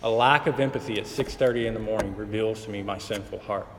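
A man in his thirties preaching a sermon, moving between quiet, conversational storytelling and emphatic passages. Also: fairly low pitch, fast, noisy background. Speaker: pastor. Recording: hall reverb with faint ambience.

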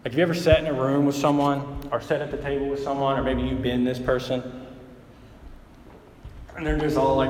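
A man's voice: medium pitch, steady tone, brisk, a little mellow, slight background noise. A man preaching a sermon as pastor, in a loose conversational way with many fillers and asides to the listeners. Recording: echoey hall, mic at a distance.

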